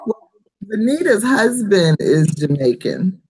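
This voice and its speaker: Woman, moderator, video call, husky, slow and lively delivery. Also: medium pitch, low-quality recording. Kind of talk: casual video-call discussion.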